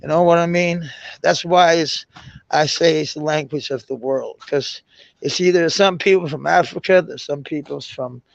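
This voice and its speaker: A Danish man speaking English with a Danish accent tinged with American, chatting casually with viewers, halting and searching for words with many fillers and restarts. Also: fairly high pitch, gravelly, no room sound, dull audio. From Denmark. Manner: swears casually. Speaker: live-stream host chatting with viewers. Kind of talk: casual chat.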